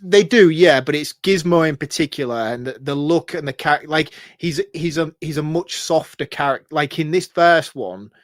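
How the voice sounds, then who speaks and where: A man co-hosting a podcast in casual chat, loose and animated, laughing often. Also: fairly high pitch, moderate pace, hardly any pauses, no echo, studio quality. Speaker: podcast co-host.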